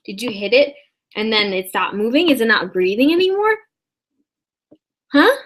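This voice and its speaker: A woman riffs through an improvised comedy monologue with a slightly high voice. She wanders from thought to thought and keeps a mock-earnest tone. She pushes that tone into exaggerated outrage. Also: sing-song, moderate pace, a bit bright. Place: indoors at a desk.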